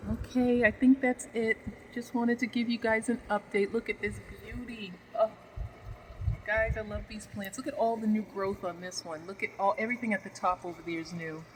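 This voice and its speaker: A woman's voice: medium pitch, fairly even intonation, moderate pace, a little hiss or hum, low-quality recording. A woman vlogging a casual tour of her greenhouse, gushing affectionately and talking to her plants as she walks around with a handheld phone.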